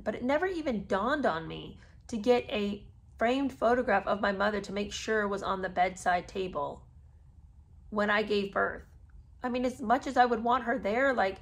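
Her voice is mid-range and slightly rough as she works through a memoir in a plain, even delivery. Between passages, this podcast host turns directly to listeners with sarcastic disbelief, sounding like a mother of three with zero tolerance for nonsense.

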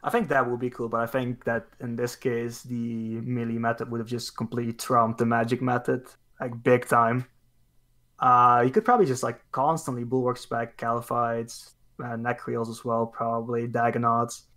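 A man's voice: medium pitch, little pitch movement, normal speed, fairly bright tone. A man guesting on a casual gaming podcast, easygoing and agreeable. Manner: easygoing, agreeable, lots of "mm-hmm" replies.

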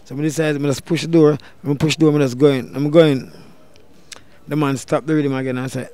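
A man's voice: on the high side, a little fast, smooth. A middle-aged Jamaican man, a dancehall deejay, telling a story in an interview and raising his voice to act out what people said. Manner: animated, loud bursts when acting out quotes.

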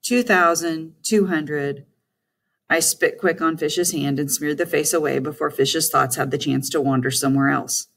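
A woman with a low voice and vocal fry narrates a first-person audiobook story at a moderate pace with few pauses. Her storytelling delivery includes lively voiced dialogue.

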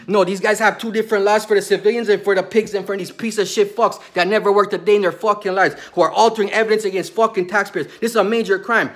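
A man venting in a heated, profane rant to camera, accusing and repeating himself, often rising into yelling. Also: high voice, fairly even intonation. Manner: rapid-fire, accusatory, grows into yelling. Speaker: vlogger.

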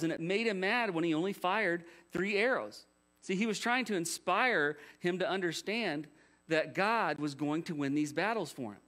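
A man's voice: high-pitched, moderate pace, fairly bright tone. A man preaching a sermon as pastor, conversational, with rhetorical questions and jokey asides.

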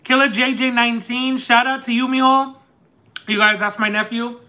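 A man hosting a live eating stream, telling a story in an animated, chatty, lightly sarcastic way. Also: very high voice, normal speed. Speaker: mukbang host. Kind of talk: casual storytelling while eating on a livestream.

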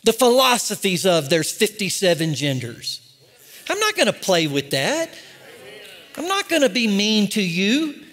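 An older man preaching in an unusually high, lively voice that climbs and drops with his emphasis. He takes his time, landing each point slowly and with passion, breaking into humorous asides. A long reverb from the large hall trails behind him. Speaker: pastor. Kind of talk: sermon.

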